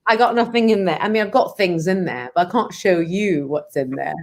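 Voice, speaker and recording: A woman's voice: on the low side, brisk. A woman chatting playfully with fans on a video call, as the host of the event. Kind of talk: casual video call chat.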